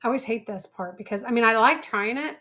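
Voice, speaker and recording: A woman's voice: on the high side, fast talker, sharp tone, a little hiss or hum. A schoolteacher hosting a home cooking video, chatting playfully and teasing her daughter while tasting the food. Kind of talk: casual chat. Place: home kitchen.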